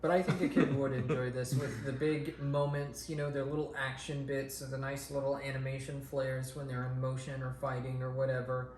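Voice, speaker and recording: A man's voice: medium pitch, level tone, brisk, few pauses, a little mellow. A man co-hosting a podcast, giving a casual movie review with lots of ums and restarts. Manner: rambling, many ums and restarts. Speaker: podcast co-host. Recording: echoey room with faint hiss.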